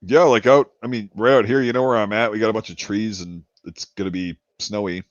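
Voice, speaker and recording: A man's voice: on the low side, steady tone, brisk, dry recording, dull audio. A man hosting a casual chat, talking in a laid-back, rambling way and laughing easily. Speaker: channel host.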